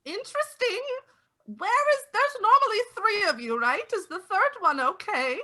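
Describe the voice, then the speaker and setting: A woman voicing a sweet, nosy elderly lady neighbor with a high, warbling, fussy voice. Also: animated, normal speed, sharp tone, heavily acted.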